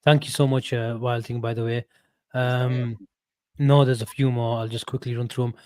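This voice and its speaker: A man hosting a live stream in a chatty, easygoing way, thanking viewers by name as he reads out their comments. His voice sits at a middling pitch in a dry, close sound. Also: little pitch movement, normal speed, mellow, clear, resonant tone, no echo.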